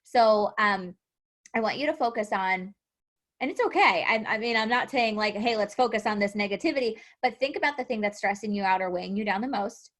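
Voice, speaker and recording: A young adult woman coaching her team in a motivational live talk, animated, acting out quotes and laughing often. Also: medium pitch, fairly quick. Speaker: fitness coach.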